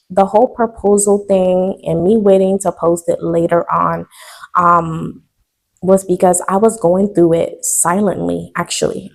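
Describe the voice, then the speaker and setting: A woman's voice: lowish voice, darkish tone. A woman in her twenties telling a personal story to her viewers in a casual, emotional vlog. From United States. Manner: chatty, addresses viewers directly, emotional. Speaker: vlogger.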